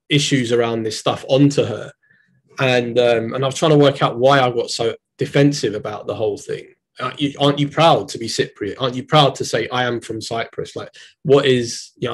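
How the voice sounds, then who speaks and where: A young man with a London accent, a poet giving a reading and talking between poems in a measured, reflective way. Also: medium pitch, rough recording. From Britain. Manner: measured, reflective, hesitant asides. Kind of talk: poetry reading with spoken asides.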